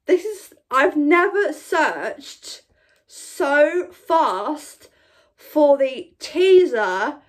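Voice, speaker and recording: Gushing woman with a high voice. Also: very animated, drawn-out words. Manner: gushing and breathless, tripping over her words. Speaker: vlogger. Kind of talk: excited reaction vlog.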